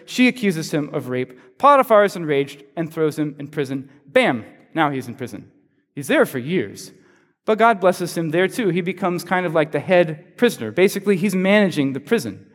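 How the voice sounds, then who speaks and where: A male pastor preaching a sermon in a relaxed, conversational storytelling way, acting out bits of dialogue. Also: on the high side. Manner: conversational storytelling, acts out quotes. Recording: long reverb in a large hall.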